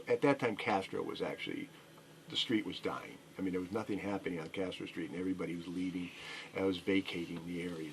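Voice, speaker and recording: Guesting on a radio interview, a middle-aged man who runs a record store wanders through a story full of fillers and false starts. He speaks low with vocal fry, and there's a bit of background noise.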